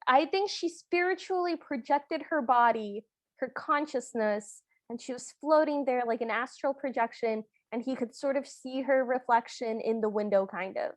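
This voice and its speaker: A woman with a fairly high voice talks through a movie's plot on a podcast. She sounds thoughtful and a little tentative, often softening her points with "kind of" and "sort of." The sound is close and dry. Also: moderate pace, dry recording. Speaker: podcast co-host. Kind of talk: casual chat recapping a film.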